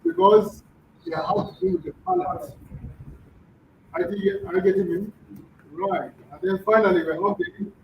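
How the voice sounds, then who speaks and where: A language teacher gives a classroom lecture in a high-sitting voice with vocal fry, frequently quizzing his students. The recording sounds dull, echoey, and far away, with a little background noise.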